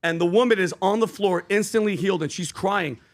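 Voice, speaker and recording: Earnest high-voiced man telling a Bible story. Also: fairly quick. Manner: earnest, animated storytelling with acted quotes. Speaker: podcast co-host. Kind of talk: casual podcast talk, merch pitch and Bible story.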